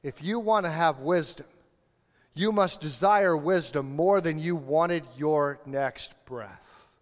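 A man doing a calm old philosopher. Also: on the high side, slow. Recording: long hall reverb, faint music.

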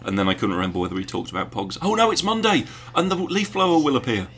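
A man's voice: medium pitch, big pitch swings, fast, a bit bright, slight background noise. A man co-hosting a casual home podcast, rambling and easily sidetracked, mocking himself as he goes. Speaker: podcast co-host. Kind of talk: casual chat. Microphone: home podcast mic with earpiece.

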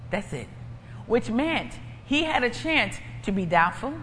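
Woman preacher, testimony style, emphatic and repetitive, lively pitch, hall reverb. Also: unhurried. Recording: echoey hall, faint ambient noise.

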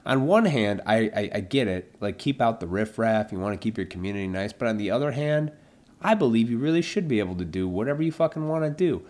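Profane man ranting with lively pitch. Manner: profane, mocking, acts out imagined people in quick voices. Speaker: podcast host. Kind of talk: solo podcast rant.

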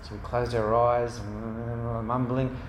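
A man with a mid-range voice and little pitch movement speaks at a measured pace against a noisy background. He is the speaker at a church parents' meeting, earnestly telling stories and piling up examples in long, repetitive lists, in a roomy hall with faint ambience.

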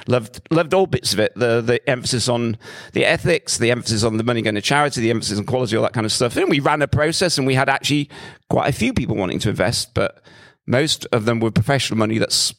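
Male founder, middle-aged, chatty storyteller, self-deprecating, stumbles and restarts; mid-pitched. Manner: animated, self-mocking, many restarts. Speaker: company founder. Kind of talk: conversational storytelling talk.

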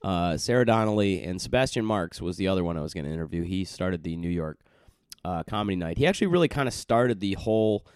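Low, smooth-voiced podcast host. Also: male voice, expressive, quick pace, a little mellow, dry recording, studio quality. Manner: loose and chatty, with many fillers and self-corrections. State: recovering from a cold and jet lag. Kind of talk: casual rambling monologue.

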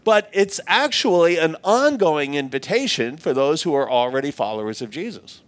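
A man's voice: fairly high pitch, sing-song, normal speed. A man preaching a sermon in an earnest, reflective way, often repeating words as he restarts.

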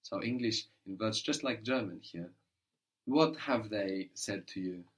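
A man's voice: fairly low pitch, unhurried. A man giving a one-on-one language lesson, patient and prompting, often checking understanding with a questioning "no?". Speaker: language teacher.

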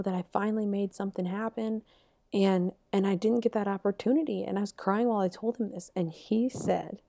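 A woman's voice: mid-range voice, creaky, dark tone, no echo. A young woman co-hosting a podcast, telling a personal story in a rambling, emotional way with many restarts. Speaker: podcast co-host. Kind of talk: casual chat, storytelling.

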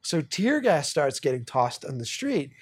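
A man telling a story on a podcast, his voice a bit high for a man and lively, swinging up and down in pitch. He talks casually and swears a lot, and laughs often. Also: measured pace, slightly rough. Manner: animated, profane, laughs while telling stories. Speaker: podcast host.

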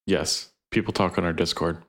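A man with a low, deep voice reading through gaming news on a podcast. He sounds plain and matter-of-fact and drifts along with fillers between his points. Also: fairly even intonation, moderate pace, fairly bright tone. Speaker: podcast co-host. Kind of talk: casual gaming podcast chat.

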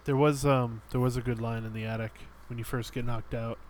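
A man's voice: medium pitch, steady tone, brisk, a little mellow, a little hiss or hum. A man co-hosting a casual podcast, explaining a game in a rambling way with many fillers. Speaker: podcast co-host. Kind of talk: casual chat.

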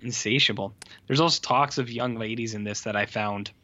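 A man with a lowish voice co-hosts a podcast, briskly griping about a film in casual, profane chat packed with fillers. He sounds exasperated. The recording has background noise, and the highs are cut off.

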